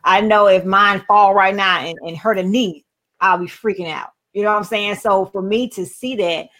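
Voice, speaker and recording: A woman's voice: medium pitch, steady tone, moderate pace, a bit bright, low-quality recording. Woman, talk show host, casual, conversational, filler-heavy. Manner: conversational, many fillers and asides.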